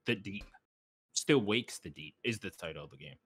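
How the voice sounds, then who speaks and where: A man's voice: deep voice, animated, moderate pace, a bit bright, husky. A man co-hosting a gaming podcast in casual chat, laughing easily and moving the list along. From United States. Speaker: podcast co-host.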